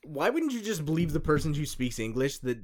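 A man's voice: a little high, very animated, brisk, darkish tone. A man chatting casually on a podcast, laid-back and full of fillers, with the occasional swear word. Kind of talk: casual chat.

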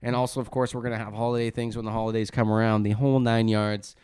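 A man's voice: on the low side, little pitch movement, fast talker, a little mellow, smooth. A young man co-hosting a podcast in casual, rambling, swear-laden chat. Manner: profane, rambling, jokey. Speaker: podcast co-host.

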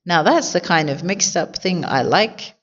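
A woman voicing a terse, stately old great-aunt who speaks slowly in a storybook. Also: fairly low pitch, animated, lo-fi sound. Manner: slow, measured speech. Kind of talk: storybook character voice.

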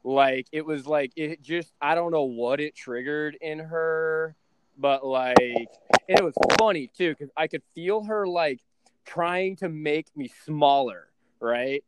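A man hosting a casual podcast, telling stories in an animated, profane way. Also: a little high, slow pace, slight background noise. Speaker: podcast host and trading coach.

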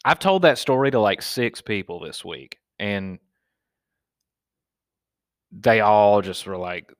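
A man's voice: on the low side, slow pace, no echo, clean studio sound. Profane Southern man spinning a yarn. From Alabama. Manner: profane, animated storyteller. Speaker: podcast host, stand-up comedian. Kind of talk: casual storytelling monologue.

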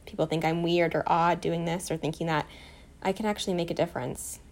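A woman guiding a self-compassion meditation, soft, calm and encouraging, telling a short personal story. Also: on the low side, a little fast. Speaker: meditation guide.

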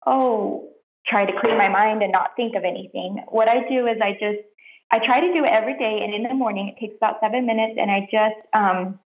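A young woman, a podcast guest, sharing a heartfelt personal testimony in an earnest, soft-spoken way with lots of "like" fillers. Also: medium pitch, brisk. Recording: roomy, dull lo-fi podcast audio.

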